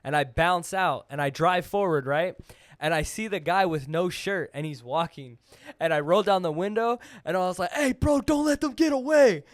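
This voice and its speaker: High-voiced young guy on a podcast, animated storytelling, lots of "like". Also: moderate pace. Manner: animated, full of "like", acts out voices in his stories. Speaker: podcast host. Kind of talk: casual storytelling chat.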